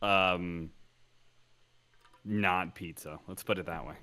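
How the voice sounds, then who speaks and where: A man's voice: low voice, steady tone, slow, bright, forceful tone. A man co-hosting a podcast, joining in with wry, teasing banter in a casual chat. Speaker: podcast co-host.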